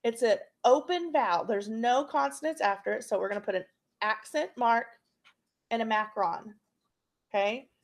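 A woman teaching a phonics and spelling lesson to young students, patient and checking in often. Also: a little high. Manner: slow, patient, checks in with frequent "okay?".

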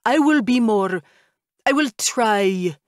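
A woman reading an audiobook voices a formal, winged male creature with an old-world vampire accent, speaking slowly and stiffly. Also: high voice, expressive, dry recording, clean studio sound, voice pushed up. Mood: earnest. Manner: stiff formal speech, slow and deliberate. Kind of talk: audiobook character voice.

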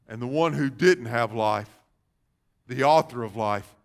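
A man preaching a sermon as pastor, calling out questions to the congregation and rising to loud, fervent passages. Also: mid-range voice, unhurried. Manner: call-and-response preaching, rising to loud fervor. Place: church sanctuary.

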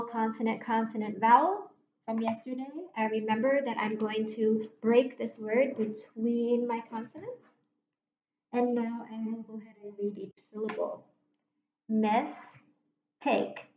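A woman teacher giving a phonics lesson to young children, speaking slowly and clearly with encouragement. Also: fairly high pitch. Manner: slow, clear, encouraging classroom delivery. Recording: roomy, dull lo-fi classroom recording with faint noise.

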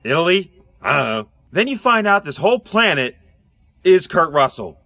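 A middle-aged man with a Pittsburgh accent, doing a rambling, gruff comic monologue aimed at his neighbors. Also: on the high side, big pitch swings, normal speed, sharp tone, no echo, studio quality. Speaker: comedic sitcom dad character.

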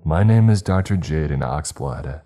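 A commanding male scientist in a horror story, stern and insistent, as a man puts him on. The voice is extremely low and mellow. Faint music sits in the background. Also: animated, a little slow. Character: cold, commanding male scientist in lab coat.

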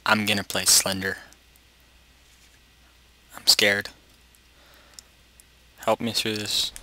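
A young man commentating a horror game, nervous and jittery, often going hushed, then bursting into panicked repeated words. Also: fairly low pitch, flat delivery, slow pace. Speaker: gaming YouTuber. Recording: noisy home mic recording.

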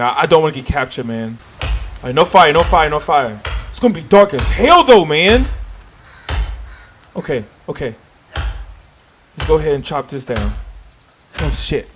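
A man's voice: on the high side, background noise. A man giving let's-play commentary on a survival game, jumpy and swearing, talking to himself as he goes. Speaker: gaming YouTuber.

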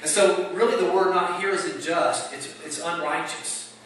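A man's voice: sits high, steady tone, moderate pace, a bit bright, a little hiss or hum. A man preaching a sermon in an emphatic, conversational way, asking rhetorical questions. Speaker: pastor. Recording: echoey hall, mic at a distance.

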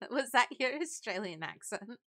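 A woman's voice: on the high side, expressive, a little slow, a bit bright. A young woman co-hosting a live stream in casual chat, giggly and teasing. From Great Britain. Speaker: stream co-host.

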